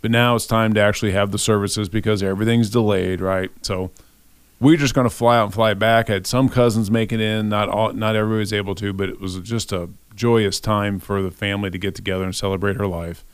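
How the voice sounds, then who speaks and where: A man's voice: on the low side, fairly even intonation, quick pace, smooth, dry recording. A middle-aged man giving a devotional, telling a personal story in a conversational way and voicing his own thoughts aloud.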